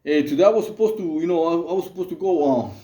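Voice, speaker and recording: A man's voice: fairly high pitch, quick pace, mellow, echoey room, slight background noise. A man hosting his channel, talking in a loose, rambling, streetwise way full of fillers. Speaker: channel host. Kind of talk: casual monologue to camera.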